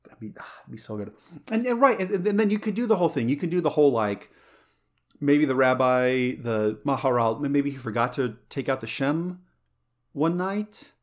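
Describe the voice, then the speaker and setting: Animated and moderately paced, this podcast host has a mid-range voice. His casual chat wanders eagerly, with lots of filler words and restarted sentences.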